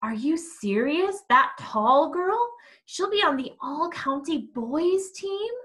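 A woman's voice: high voice, expressive, takes it slowly, a bit bright, voice pushed up, exaggerated voice. A woman reading aloud, voicing a polite, eager middle-aged mother in a storybook. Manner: polite, encouraging.

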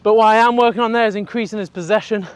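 High-voiced dog trainer, energetic. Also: male voice, racing, clean tone, no room sound. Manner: energetic, chatty, swears casually. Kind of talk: casual training explanation.

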